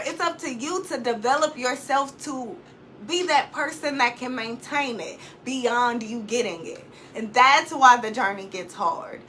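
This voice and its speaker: A woman life coach talking casually in a motivational vlog from her home office, animated and repeating key phrases for emphasis. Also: high-pitched, a little hiss or hum.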